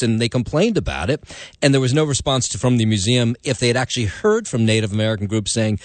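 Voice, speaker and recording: Man, mid-pitch, plain radio news reader, dry booth. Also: quick pace, no room sound. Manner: plain, steady reporting with fillers.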